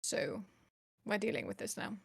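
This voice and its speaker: A woman's voice: moderate pace, no room sound. A woman playing a tabletop game, speaking in character with dry, precise lecturing. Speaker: player. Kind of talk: tabletop role-play.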